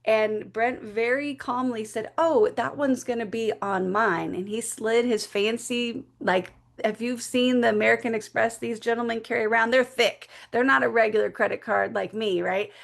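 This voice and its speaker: A woman guest in an interview telling a candid, emotional personal story in an animated way. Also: a little high, normal speed, gravelly, few pauses. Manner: acts out voices when quoting people.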